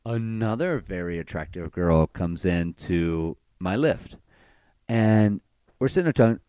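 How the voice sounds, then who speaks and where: A man's voice: low-pitched, lively intonation, unhurried, warm tone, clean tone, dry recording, clean studio sound. A young man from Baltimore, a bartender and podcast co-host, telling crude, rambling stories full of fillers in casual banter.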